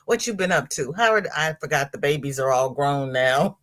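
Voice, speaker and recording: A woman hosting a casual livestream, greeting chat viewers by name in sing-song hellos and jumping to high exclamations. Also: normal speed. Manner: chatty and animated, with sudden high exclamations. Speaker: livestream host.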